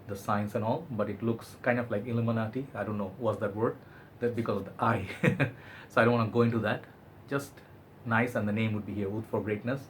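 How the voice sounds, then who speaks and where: A man's voice: on the low side, slight background noise. A man giving a chatty, enthusiastic product review, often hedging with "I think". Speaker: fragrance reviewer.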